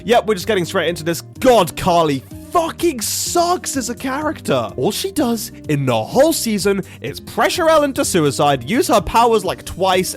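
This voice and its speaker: Animated sarcastic young man ranting. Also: high voice. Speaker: YouTube reviewer. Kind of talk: ranting TV review commentary.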